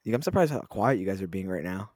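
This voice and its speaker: A man's voice: low-pitched, expressive, quick pace, a little mellow, no echo. Casual young man on a podcast. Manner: self-mocking, reads articles aloud. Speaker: podcast co-host. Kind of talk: casual chat.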